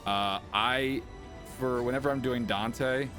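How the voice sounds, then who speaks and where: A man's voice: medium pitch, steady tone, slow. A man streaming a game, chatting casually and joking around with friends. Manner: joking, tries out silly character voices. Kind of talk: casual stream chat over gameplay. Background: game music.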